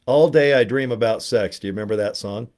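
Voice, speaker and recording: Middle-aged guy with a lowish voice rambling thru a crude funny story, keeps doing voices for people. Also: fairly quick, a little mellow. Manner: crude, digressive, acts out quoted voices. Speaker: vlogger telling a personal story.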